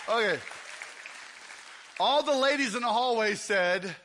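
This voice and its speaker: Pastor, 50s, high voice, tells stories for laughs and plays out every scene. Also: male voice, animated, moderate pace, long pauses, pushed and bright, a faint crowd, a little hiss or hum. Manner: comic storytelling, acts out scenes. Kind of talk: sermon. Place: church.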